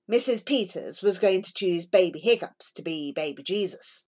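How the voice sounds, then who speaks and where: Brief: woman reading a children's story in first person, childlike delivery, very animated pitch. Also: normal speed. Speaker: audiobook narrator. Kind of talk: reading a children's book aloud.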